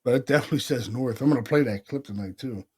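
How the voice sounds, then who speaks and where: A man's voice: mid-range voice, rapid-fire, a little mellow, slightly rough. Man telling ghost stories on a podcast. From Pennsylvania, USA. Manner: loose storytelling, acts out voices he heard, swears casually. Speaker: podcast co-host, paranormal investigator. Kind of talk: casual chat.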